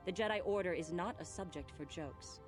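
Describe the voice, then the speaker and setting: Actor playing a stern young Jedi student. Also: male voice, sits high, a little fast, close to an everyday voice. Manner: formal, scolding. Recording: game audio with music.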